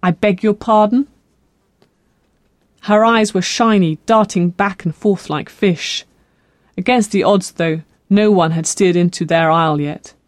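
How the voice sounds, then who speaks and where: An audiobook narrator reading a novel in a measured, expressive way. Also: mid-range voice, no echo, clean studio sound. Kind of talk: scripted narration.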